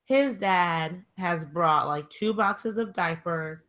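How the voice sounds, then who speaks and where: A woman's voice: fairly low pitch, takes it slowly, a bit bright. A woman in casual chat, candid and hesitant, with lots of "like" as she talks. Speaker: discussion guest.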